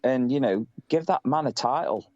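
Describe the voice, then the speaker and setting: A man's voice: mid-range voice, normal speed, a little mellow, no echo, highs cut off. A British man chatting casually as a podcast co-host, rambling and swearing, often laughing. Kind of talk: casual chat.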